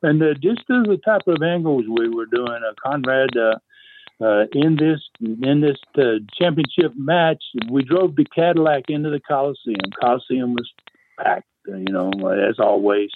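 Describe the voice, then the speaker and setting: A man's voice: medium pitch, expressive, moderate pace, slight background noise. An older man telling wrestling-era stories in a rambling way, with many fillers and chuckles, over a tinny phone line. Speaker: interview guest, veteran wrestling promoter. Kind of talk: phone interview storytelling.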